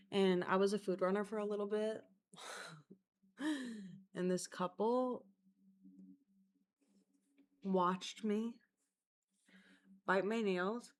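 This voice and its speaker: A woman's voice: mid-range voice, steady tone, a little slow, long pauses, fairly bright tone. A young woman from Florida rambling through a casual storytime vlog, chatty and self-mocking, swearing constantly. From Florida, USA. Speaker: vlogger.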